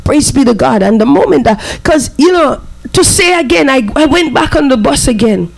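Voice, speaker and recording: A man's voice: very high voice, lively intonation, moderate pace, gravelly, poor audio. A man preaching a fervent sermon, breaking in often with amen and praise be to God.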